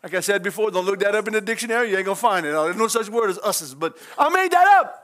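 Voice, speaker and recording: A man with a Cajun accent preaches in a very high, lively voice that swoops up and down. He talks in a folksy way, chuckling often and throwing in praise and hallelujahs. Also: fast. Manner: chuckles often between lines. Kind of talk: sermon.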